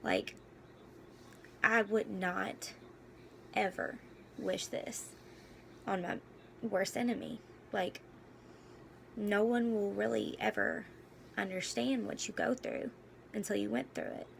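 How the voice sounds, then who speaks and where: A young woman vlogging casually about her own life, halting and candid with many fillers, and losing her voice. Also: mid-range voice, fairly even intonation, gravelly, a bit bright, slight background noise. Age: young adult. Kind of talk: casual personal vlog.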